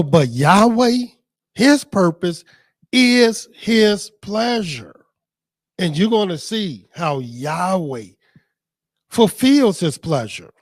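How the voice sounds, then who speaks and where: A man teaching scripture in a deliberate, emphatic preaching manner. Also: on the high side, dry recording, studio quality.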